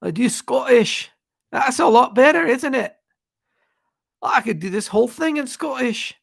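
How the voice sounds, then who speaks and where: A man's voice: extremely high pitch, a little slow, creaky, darkish tone, slightly rough, voice pushed up, exaggerated voice. A man putting on a joking Scottish voice, playful and exaggerated. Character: mock Scotsman, grown man, jokey.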